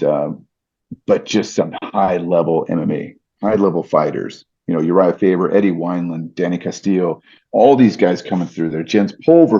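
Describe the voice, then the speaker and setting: Speaking with a deep, dark voice edged with breathiness, this middle-aged fight announcer is a guest on a podcast. He recounts stories earnestly and reflectively, often restarting his sentences, in a casual interview. The recording sounds dull and lo-fi.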